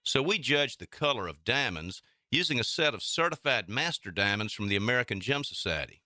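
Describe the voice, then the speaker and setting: A man's voice: mid-range voice, sing-song, fairly quick, bright, forceful tone, no room sound, clean studio sound. A man, a jeweler, explaining diamond grading in a scripted radio advertisement. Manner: explanatory, assured.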